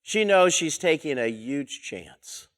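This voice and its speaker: A man with a slightly raised pitch leads a verse-by-verse Bible study. He talks conversationally, asking his listeners rhetorical questions and coming back to the same phrases again and again. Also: expressive, slow pace, fairly bright tone. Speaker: Bible teacher.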